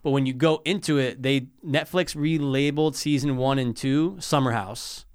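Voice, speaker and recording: A man's voice: medium pitch, normal speed, darkish tone, clean tone, no room sound, studio quality. A man in casual podcast chat, enthusiastic and profane, talking in long run-on stretches.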